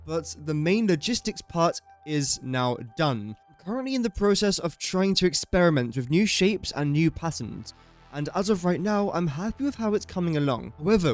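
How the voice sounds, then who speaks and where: A young man from England with an English accent, giving chatty, self-deprecating gameplay commentary as he builds. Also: fairly high pitch. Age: young adult. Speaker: gaming YouTuber.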